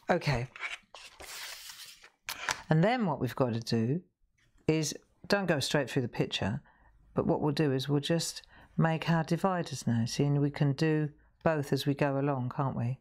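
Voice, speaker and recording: A woman in her sixties hosts a live craft demonstration with a low, deep-set voice. She talks in a rambling, friendly way and often stops and restarts her sentences as she works. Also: a little slow, pauses often, darkish tone. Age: 60s. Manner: chatty, rambling, self-interrupting. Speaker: craft show host.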